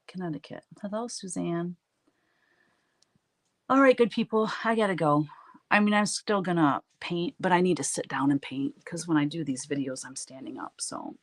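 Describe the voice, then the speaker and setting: A woman with a low, deep speaking voice chats casually with her live viewers while she paints. She tells stories in a loose, chatty way and laughs often. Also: vocal fry. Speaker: artist hosting a live stream. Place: home art studio, standing at work.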